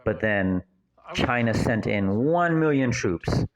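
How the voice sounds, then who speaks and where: A man's voice: mid-range voice, expressive, takes it slowly, poor audio. A man giving a casual, digressive audio commentary on a film, thinking aloud as he goes.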